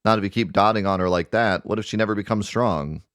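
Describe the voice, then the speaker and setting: A man voicing a gentle, devoted young mother, speaking softly and earnestly while reading game dialogue aloud. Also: fairly low pitch, quick pace, no room sound, clean studio sound, close to an everyday voice.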